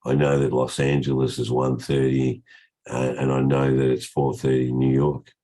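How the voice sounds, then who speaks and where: An older man with a croaky voice from a cold, hosting a casual trading session over a video call, chatty and rambling with frequent restarts. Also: a bass voice, monotone, moderate pace, dark tone.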